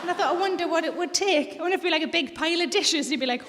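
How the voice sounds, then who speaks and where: A woman comic with a North East English accent and a high voice tells bawdy stories in a deadpan way, putting on the voices of the people in them. Her voice rings out with long reverb through a big theatre. Loud laughter from the crowd fills the room behind her. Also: racing, heavy background noise. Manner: bawdy deadpan storytelling, acts out quoted voices. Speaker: stand-up comedian. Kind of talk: stand-up comedy set. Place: large theatre with live audience. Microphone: stage microphone.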